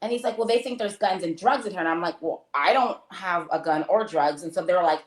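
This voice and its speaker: A woman's voice: lowish voice, brisk. An American woman telling a travel story in casual talk, acting out the voices of the people in it, with many fillers. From United States. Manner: animated, acts out quoted dialogue, many fillers. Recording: roomy echo.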